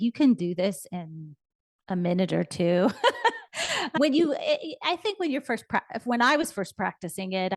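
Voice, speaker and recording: A woman's voice: medium pitch, no room sound, clean studio sound. A woman co-hosting a podcast, candidly sharing her own experience in casual conversation. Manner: warm-hearted, candid, laughing easily. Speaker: podcast co-host.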